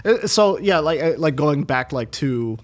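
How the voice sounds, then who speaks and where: A man in his thirties, a chef guest on a podcast, talking casually and rambling with many fillers and quick laughs. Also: a little high, lively intonation. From United States.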